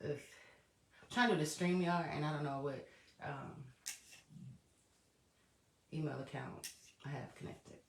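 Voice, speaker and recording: This solo podcast host has a low, gravelly voice, a measured pace and frequent pauses. She talks casually and directly to listeners, laughing a lot and swearing freely. The echoey recording seems made on a laptop or voice memo.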